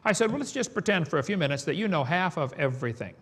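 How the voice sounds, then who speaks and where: A man's voice: fairly high pitch, expressive, quick pace, fairly bright tone, breathy edge. A man giving a preaching lecture to an audience in a folksy, emphatic way. He chuckles between points and often asks "okay?". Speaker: creationist speaker.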